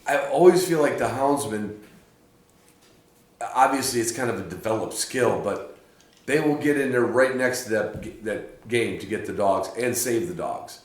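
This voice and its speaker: A man's voice: medium pitch, expressive, moderate pace. Laughing, rambling man host in an echoey room. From Michigan. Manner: rambling storyteller, laughs often. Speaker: podcast host. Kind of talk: casual chat. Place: hunting camp room, drinks being poured.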